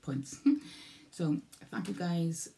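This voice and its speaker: Rambling gravelly-voiced Welsh woman vlogger. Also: sits low, steady tone, normal speed, mellow. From Wales. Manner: rambling, repeats herself, loses her thread. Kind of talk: casual vlog talk to camera.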